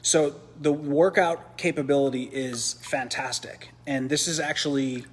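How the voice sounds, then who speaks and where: A man's voice: a little high, steady tone, unhurried, slight background noise. A man hosting a live product demo beside a swim spa, chatty, explaining as he goes with restarts. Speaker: host and triathlon coach.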